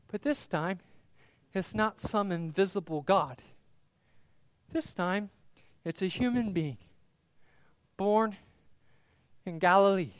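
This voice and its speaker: A man preaching a sermon as a pastor, swinging between quiet, drawn-out phrases and loud, rising passages. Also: a little high, no echo. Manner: impassioned, building from hushed to loud.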